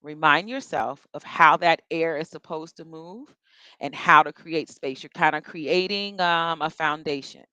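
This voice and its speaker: A woman's voice: sits low, a little slow, pushed and bright, clear, resonant tone, dry recording. A woman vocal coach leading a workshop, giving chatty, encouraging instructions and demonstrating yawns and breaths as she teaches.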